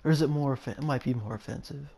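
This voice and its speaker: A young man chats casually while he plays, drifting from thought to thought. His voice sits at an ordinary mid pitch, and his sentences often break off and restart as he muses aloud. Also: rapid-fire, creaky, warm tone, breathy edge. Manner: rambling, musing, self-interrupting. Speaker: gameplay video host. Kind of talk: casual gameplay commentary.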